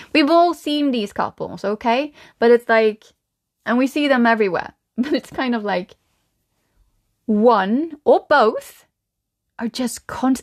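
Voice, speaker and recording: A young woman giving a casual spiritual tarot reading. She is chatty and rambling, with frequent laughs. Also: fairly high pitch. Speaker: tarot reader.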